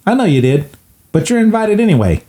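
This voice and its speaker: A man voicing a kind little girl in a high childlike lilt while retelling a film. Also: very animated, a little fast, warm tone. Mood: sweet.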